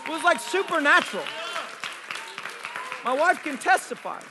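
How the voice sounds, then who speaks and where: A male pastor telling testimony stories in a sermon, excitable and animated, tumbling over his own words as he goes. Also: very high-pitched, a crowd in the background, background noise. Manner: excitable, animated storyteller with fast restarts. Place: church service.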